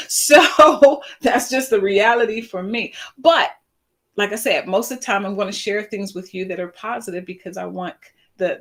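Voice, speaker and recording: A woman in her fifties talking casually to her followers on a live stream, telling stories with animation and laughing easily. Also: fairly high pitch. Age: 50s. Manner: animated storytelling, acts out quoted voices; chatty with fillers and laughs. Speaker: social media coach.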